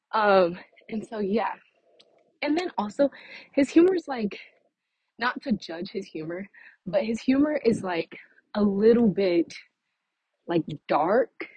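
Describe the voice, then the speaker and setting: Walking outdoors and slightly breathless, a young woman vlogs a casual vent to camera for her followers, sounding chatty and exasperated and tossing in laughing asides. Her voice is husky and medium-pitched, the audio is poor, and there's no room sound.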